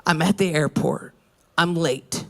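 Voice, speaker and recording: A woman in her thirties doing a stand-up set, telling a profane story in a brash way and breaking into yelling rants. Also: deep voice, unhurried. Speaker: stand-up comedian. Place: comedy club stage. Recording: live club with loud crowd laughter. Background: audience laughing.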